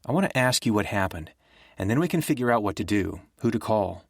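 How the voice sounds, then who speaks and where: A man voicing a grieving former professor who talks in a gentle, calm and soothing way. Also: fairly low pitch, a little fast, gravelly, no room sound, clean studio sound.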